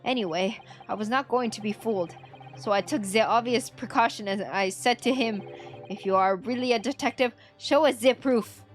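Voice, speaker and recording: A woman's voice: fairly high pitch, moderate pace, soft background music, lightly acted. A woman voicing a curt, bossy male gang boss who speaks dismissively.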